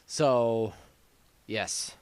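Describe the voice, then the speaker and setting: A young man co-hosting a casual gaming podcast, excitable and gushing, often acting out his own reactions. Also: lowish voice, drawn-out words, clean tone, dry recording. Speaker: podcast co-host.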